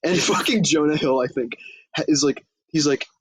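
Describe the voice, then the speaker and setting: Husky-voiced man recapping a movie. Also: on the high side, normal speed, no room sound, rough recording. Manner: loose, profane storytelling with acted-out quotes. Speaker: podcast co-host. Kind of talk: casual movie recap chat.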